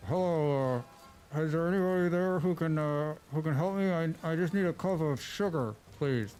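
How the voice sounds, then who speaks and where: A man voicing a timid masked stranger at someone's front door, speaking muffled and halting as he begs for help. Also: a little high, darkish tone, faint music behind, pitched above the performer's own voice, close to an everyday voice. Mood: pleading.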